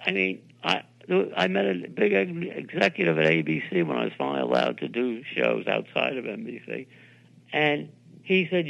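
An older man from New York City tells stories in an interview with a heavily gravelly voice. His pitch swoops all over as he acts out the voices of people he quotes, speaking with the enthusiasm of a veteran television producer. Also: moderate pace, dull audio. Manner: animated anecdotes, acting out quoted voices. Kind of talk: interview storytelling.

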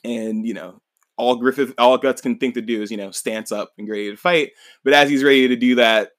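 A man's voice: medium pitch, steady tone, brisk, fairly bright tone, no room sound. A man hosting a podcast, casually recapping a manga in a rambling, laid-back way, swearing and laughing along. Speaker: podcast host.

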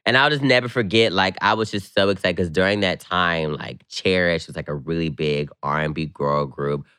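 A man co-hosting a podcast, telling stories in casual, slangy chat and jumping up in pitch when excited. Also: normal speed, clear, resonant tone, no room sound, studio quality. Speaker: podcast co-host.

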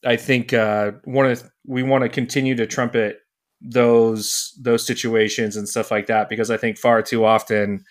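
A man's voice: mid-range voice, flat delivery, moderate pace. A man hosting a podcast in casual chat, loose and rambling with many fillers. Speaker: podcast host.

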